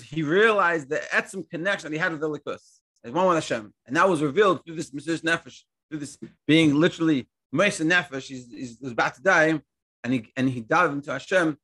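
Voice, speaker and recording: A man teaching a Torah class in a casual, chatty way, acting out stories with frequent restarts and repeated words. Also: on the high side. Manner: animated storytelling with many restarts.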